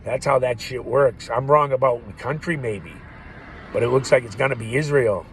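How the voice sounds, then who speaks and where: A man's voice: medium pitch, normal speed, a little hiss or hum, low-quality recording. A man rambling through a profane, laugh-filled monologue as a vlogger. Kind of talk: ranting monologue.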